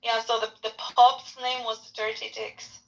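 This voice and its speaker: A woman's voice: fairly high pitch, flat delivery, a little slow, creaky, faint music behind. A woman chatting casually on a podcast, laughing easily and searching for words. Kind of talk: casual chat. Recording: muffled mic with faint background hiss.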